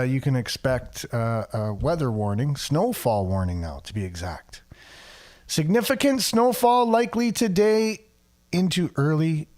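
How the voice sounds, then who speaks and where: A man on local talk radio reads the weather in a loose, conversational way, with plenty of "uh"s and dry sarcastic asides. His voice sits at an ordinary middle pitch for a man. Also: darkish tone. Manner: chatty, sarcastic asides, frequent fillers. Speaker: radio show host. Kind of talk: casual talk radio, reading a weather forecast.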